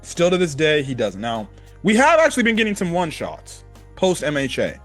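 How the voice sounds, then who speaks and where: A man's voice: fairly high pitch, a little fast, faint music behind. A man hosting a casual anime review, talking animatedly and swearing freely. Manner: animated, acts out quotes, swears. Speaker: host.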